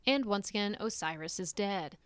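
Woman, casual myth storyteller, irreverent and profane, mid pitch, dry close sound. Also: lively intonation, clean tone, no room sound. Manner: irreverent, swears, acts out gods' lines in quick voices. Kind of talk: casual storytelling about mythology.

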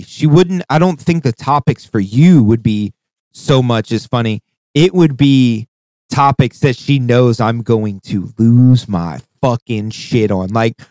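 A man co-hosting a podcast in casual chat, excitable and profane, laughing often. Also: mid-range voice, dry recording. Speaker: podcast co-host.

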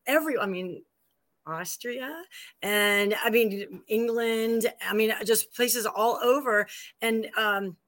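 A woman's voice: a little high, a bit bright. A woman guesting on a casual podcast, gushing and rambling, with lots of fillers and restarts. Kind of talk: casual conversational interview.

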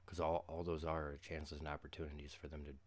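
A man with a deep, low voice talks straight to the listener in a profane, sarcastic rant. He swings between quiet musing and loud, heated emphasis. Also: flat delivery, brisk. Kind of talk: casual monologue venting.

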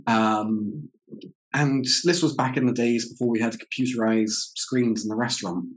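A man who teaches English, hosting a casual interview and telling lively stories in which he quotes himself. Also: medium pitch, moderate pace, poor audio. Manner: animated storyteller, quotes himself in reported speech.

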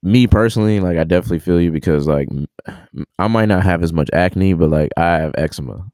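A young man with a very deep, mellow voice speaks in a dry, close-up recording. He talks in a laid-back, slangy manner and trips over his words now and then as he chats with his co-host. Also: fast talker, no room sound. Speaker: podcast co-host. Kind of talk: casual chat.

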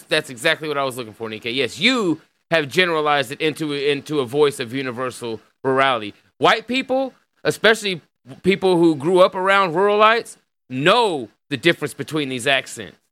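Bright-voiced, crude-talking male podcast host. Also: mid-range voice, expressive, a little fast, no room sound, low-quality recording. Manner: loose and crude, with fillers and laughs. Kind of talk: casual profane chat, reading an article aloud.

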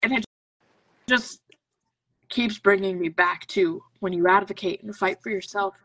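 A woman who works as a medical intuitive tells her personal story on a podcast, intense and earnest, with plenty of self-talk. Her mid-range voice is a bit bright and measured in pace, recorded from a distance with no room sound.

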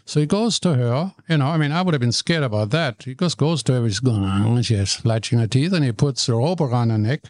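An older man, a guest telling stories in an animated way, often stumbling and repeating words. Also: medium pitch, a little fast, hardly any pauses, no room sound. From Germany. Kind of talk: storytelling in conversation.

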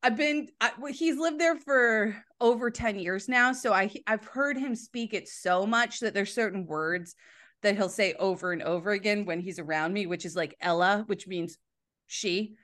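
A woman's voice: medium pitch, normal speed, a bit bright. Chatty, enthusiastic woman host. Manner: chatty, enthusiastic, says "like" often. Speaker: interview host. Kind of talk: casual interview chat.

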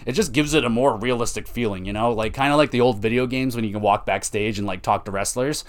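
A young man hosting a wrestling podcast, casually recapping matches with excited outbursts and plenty of swearing. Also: medium pitch, fast talker. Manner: excitable, swears freely, ranting.

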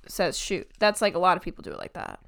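A woman's voice: lowish voice, steady tone, rapid-fire, fairly bright tone, clear, resonant tone. A young woman in her twenties co-hosting a podcast, chatting casually with dry, sarcastic jokes and frequent giggles. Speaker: podcast co-host. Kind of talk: casual chat.

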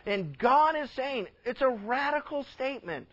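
A man preaching a sermon as a pastor, earnest and emphatic, sometimes dropping to a hush. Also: very high-pitched, expressive, unhurried, lo-fi sound.

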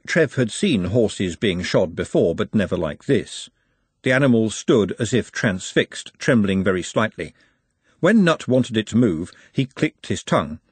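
A man reads a novel aloud in a wry, expressive way, his husky voice moving a great deal in pitch. His voice sits in a middle register, and the recording is close and dry, with no room sound. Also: a little slow, no echo. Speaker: audiobook narrator. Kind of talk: scripted narration.

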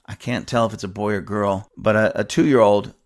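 A man's voice: fairly low pitch, fairly even intonation, normal speed. A man, a church pastor, giving casual spoken commentary in an emphatic, repetitive way, with scornful laughs.

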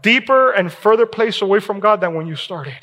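Male pastor, high voice, sermon in a church with long reverb, conversational check-ins. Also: animated, moderate pace, bright, forceful tone. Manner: preaching with frequent "all right?" check-ins and short laughs. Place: church sanctuary.

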